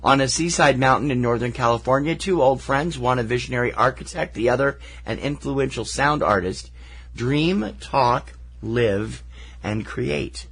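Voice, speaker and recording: A man's voice: mid-range voice, unhurried, fairly bright tone, husky. A man co-hosting a casual film podcast, wry and teasing, rambling with fillers as he runs through festival titles. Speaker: podcast co-host.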